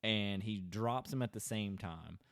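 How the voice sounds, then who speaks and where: A man talks through a film's story on a podcast in a relaxed, meandering way, with plenty of filler "like"s. His voice sits low, and the sound is dry and close with no room echo. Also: measured pace. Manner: loose, rambling retelling with many "like"s. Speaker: podcast co-host. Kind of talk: casual movie recap chat.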